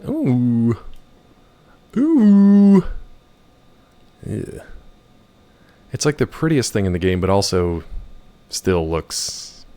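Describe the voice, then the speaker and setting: An American man with a hoarse, gravelly voice from a week of yelling, chatting casually while streaming a game and reading chat. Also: sits low, animated, normal speed. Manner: rambling, jokey, reads chat aloud.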